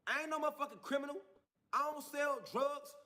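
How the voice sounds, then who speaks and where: A man's voice: extremely high pitch, steady tone, brisk, pushed and bright. A man telling his own story in an angry, profane, defiant monologue. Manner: heated, profane, defiant ranting.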